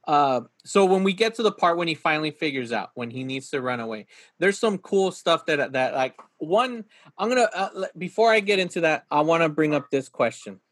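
Animated man with a fairly high voice. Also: a little fast, dry recording. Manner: animated, acts out movie quotes in a raised voice. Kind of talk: casual movie discussion.

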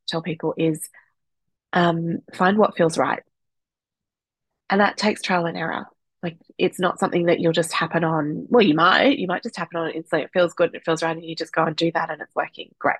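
Woman, 30s, breastfeeding supporter; blunt, lively, swears; slightly husky, lower voice. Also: dry recording, rough recording. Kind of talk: candid advice talk.

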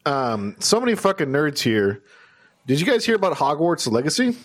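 A man co-hosts a gaming podcast with a slightly high voice. He talks loosely, cracks jokes and swears now and then. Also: sing-song, normal speed. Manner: jokey, laughs at own bits, swears casually. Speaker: podcast co-host. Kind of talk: casual chat.

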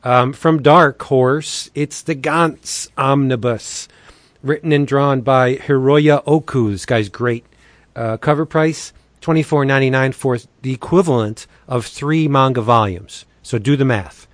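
A man hosting a casual comics podcast, reading deals in a playful pitchman manner. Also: measured pace, dry recording. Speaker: podcast host. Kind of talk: casual podcast chat with ad reads.

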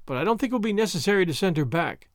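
A man's voice: sits high, expressive, racing, no echo, clean studio sound. A man reading an audiobook, voicing an effusive, apologetic older village woman who chatters on. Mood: thoughtful.

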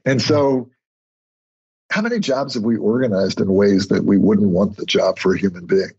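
A man, a guest on an interview podcast, telling stories in a conversational way and getting animated when he acts out other people. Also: fairly low pitch, moderate pace. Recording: husky voice, dull lo-fi audio.

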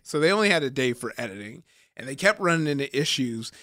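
A man's voice: mid-range voice, lively intonation, quick pace, sharp tone, dry recording, clean studio sound. A man in his thirties co-hosting a podcast, retelling facts in casual chat and laughing often. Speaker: podcast co-host.

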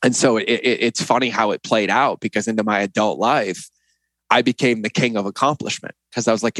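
A middle-aged man with a fairly low voice talks candidly as an interview guest. He sounds earnest and reflective, letting his feelings show. The recording is dry and close, with no room sound. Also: steady tone, brisk, a bit bright, no room sound, rough recording. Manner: earnest and reflective, opening up emotionally. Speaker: podcast guest.

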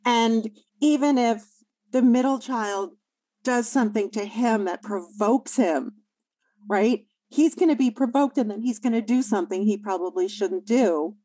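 A woman coaching a parent, explaining calmly and often checking in with "right?" and "you know?". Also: on the high side, unhurried, dry recording, rough recording. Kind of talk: advice conversation.

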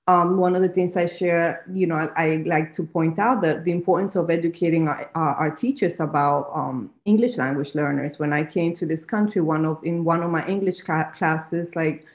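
A woman with a Spanish accent, Spanish her first language, telling her life story as an interview guest, reflective and halting, often restarting. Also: sits low, echoey room. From Spanish-speaking country. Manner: reflective, many restarts and fillers. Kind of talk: personal storytelling.

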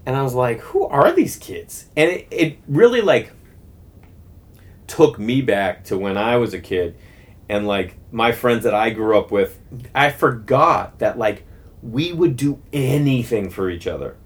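Rambling, animated storytelling man. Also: mid-range voice, a little slow. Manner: rambling, animated, full of fillers and restarts. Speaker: podcast host. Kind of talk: casual storytelling monologue.

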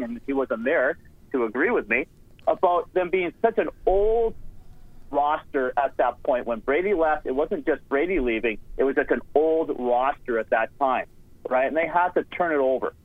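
A man calling in to a sports radio show, talking in a rambling, sarcastic, animated way. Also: a little high, moderate pace, dry recording. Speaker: caller. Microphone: phone. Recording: tinny phone line.

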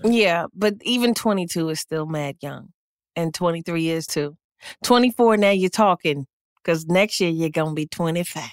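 A woman's voice: on the low side, moderate pace, dry recording, clean studio sound. A woman co-hosting a casual chat, telling stories with emphasis.

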